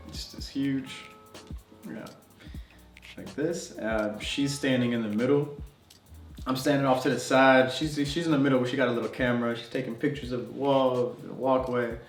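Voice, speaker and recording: Young man telling a story, roomy sound. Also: medium pitch. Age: young adult. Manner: loose, conversational, many fillers and laughs. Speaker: travel vlogger. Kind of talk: casual storytelling to camera. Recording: roomy sound, distant mic, faint music.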